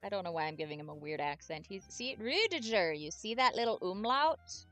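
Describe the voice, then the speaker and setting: A woman chatting excitedly as she plays and reads through a story game, commenting aloud as she goes. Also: mid-range voice, a little fast, few pauses, soft background music. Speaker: gamer streamer.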